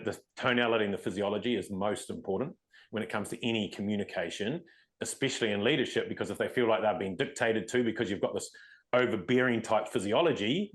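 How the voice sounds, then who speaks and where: A man's voice: fairly low pitch, fast talker, a bit bright. A middle-aged man co-hosting a podcast in casual discussion, explaining leadership ideas earnestly at length with many restarts. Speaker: podcast co-host.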